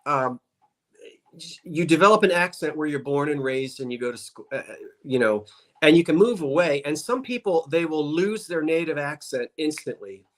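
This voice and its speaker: A bit bright and a little high, this man's animated voice moves at a moderate pace. He's from South Jersey, USA, with a Delaware Valley accent, and he chats and rambles casually as a guest on a video call livestream.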